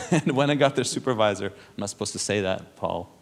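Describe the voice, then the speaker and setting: A man's voice: on the low side, animated, moderate pace, vocal fry. A man from Europe speaking to an audience in a conversational way, telling anecdotes with frequent laughs and repeated words. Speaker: speaker at a public panel.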